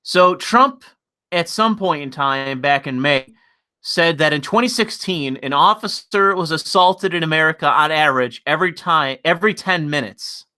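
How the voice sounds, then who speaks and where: A man's voice: fairly high pitch, moderate pace, sharp tone, clear, resonant tone. A man hosting a livestream, ranting casually in a profane, rambling, mocking way. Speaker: livestream host.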